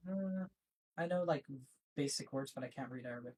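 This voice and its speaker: A male caller in a live debate speaks quickly at a mid pitch. His talk is casual and hesitant, full of fillers and restarts as he searches for words. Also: a little mellow, low-quality recording.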